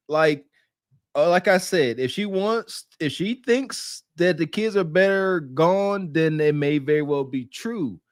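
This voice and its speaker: Preachy co-host lecturing in a dry room. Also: male voice, a little high, expressive, slow pace, no room sound. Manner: preachy, scolding, lectures with sighs and laughs. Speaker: podcast co-host. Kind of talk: casual podcast commentary.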